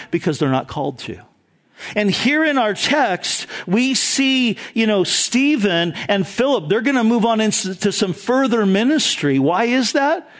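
High-voiced man preaching a sermon. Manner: storytelling, earnest and conversational. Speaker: pastor.

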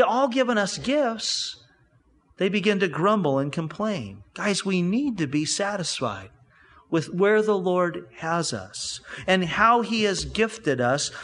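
High-voiced man preaching a sermon. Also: fairly bright tone. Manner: conversational storytelling preaching with frequent restarts. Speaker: pastor. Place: church.

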